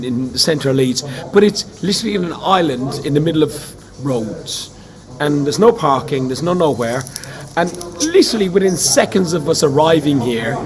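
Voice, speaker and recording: A man hosting a casual fan chat from a hotel lobby, excitable and stammering, swearing freely. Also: fairly high pitch. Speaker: podcast host. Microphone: laptop video call.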